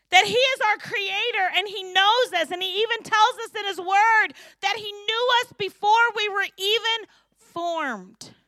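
A woman in her fifties from St. Louis preaching a sermon, lively and joking, often asking the crowd questions. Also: very high voice, no room sound, clean studio sound. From St. Louis, USA. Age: 50s. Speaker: preacher and kindergarten teacher.

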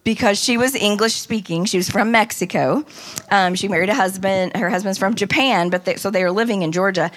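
A woman casually telling a lively story about a conference trip, often quoting people in animated voices. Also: medium pitch, a little fast. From United States. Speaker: speaker recounting a women's conference trip.

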